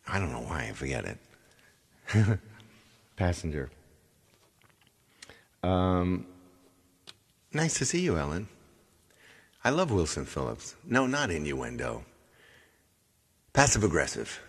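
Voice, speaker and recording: A man casually hosting a live music stream, joking and rambling playfully with a raspy voice. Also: low-pitched, big-room sound. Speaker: live stream singer host.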